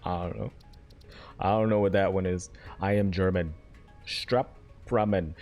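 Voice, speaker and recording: A man's voice: low-pitched, flat delivery, normal speed, mellow, soft background music. A man streaming a video game, rambling and joking casually with his viewers. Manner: rambling, jokey, chats with viewers. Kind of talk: casual chat while playing a game.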